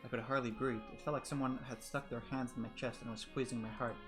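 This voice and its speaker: A man reading a visual novel aloud in a soft, reflective voice, breaking off for chatty asides. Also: mid-range voice, flat delivery, quick pace, over music. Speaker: let's play host.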